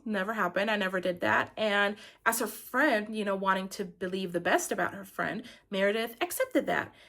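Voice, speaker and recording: A woman's voice: mid-range voice, a bit bright. A woman giving a casual, opinionated recap of a reality show, chatty and filling her talk with "like". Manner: chatty and opinionated, saying "like" constantly. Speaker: recap YouTuber.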